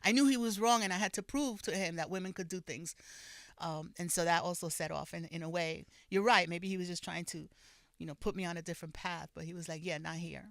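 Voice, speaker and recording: A woman's voice: fairly low pitch, steady tone, brisk, no room sound. Older bronx lady w a new telling old stories, laughs a lot, dry close sound. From the Bronx, New York, of Puerto Rican parents. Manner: warm storyteller, laughs often, restarts phrases, mixes in Spanish. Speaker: guest author. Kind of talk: relaxed conversational storytelling.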